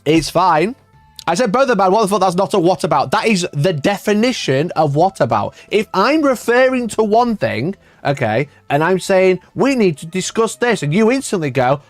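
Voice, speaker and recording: A man hosts a livestream and tears into his chat in a sweary, mocking rant, laughing often. His voice swings widely and jumps up high whenever he gets exasperated. He's on a dry close mic, with faint music playing underneath. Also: sing-song, moderate pace, dry recording. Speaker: livestream host.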